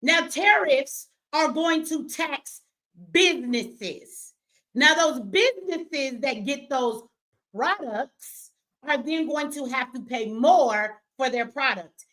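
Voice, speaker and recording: A woman running a live stream, confrontational and profane, swinging between yelling at viewers and slow, emphatic explaining. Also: high voice, animated. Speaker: livestreamer answering her chat; business owner.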